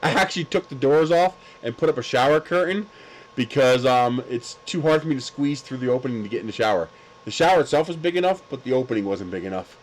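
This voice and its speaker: Speaking fast with lively intonation at a medium pitch, this man hosts a livestream and spins stories through crude jokes and plenty of laughter. The chat is casual, and the recording quality is low.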